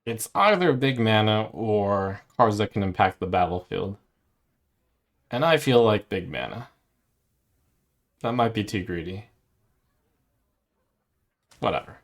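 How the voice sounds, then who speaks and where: A man's voice: on the low side, expressive, slow pace, pauses often. A man streaming a card game, thinking aloud as he weighs each play and second-guesses himself. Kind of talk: casual gameplay commentary.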